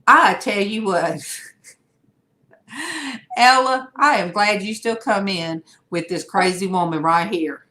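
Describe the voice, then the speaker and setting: Older woman host, unhurried and chatty, rambles along and greets her viewers by name on a video call. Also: medium pitch, animated, sharp tone. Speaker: livestream host. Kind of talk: casual livestream chat.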